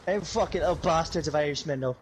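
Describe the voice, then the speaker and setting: A man's voice: on the high side, fast talker, noisy background, natural voice. A man putting on a Scottish accent to play a rowdy, foul-mouthed Scotsman, with music playing behind him. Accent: put-on Scottish. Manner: rowdy, swearing.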